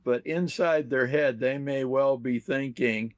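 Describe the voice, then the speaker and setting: A man's voice: medium pitch, no echo. A man, a leadership author talking thoughtfully in an interview and acting out example questions. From United States. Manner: slow, gravelly, thoughtful, acts out quoted questions. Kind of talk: reflective interview talk.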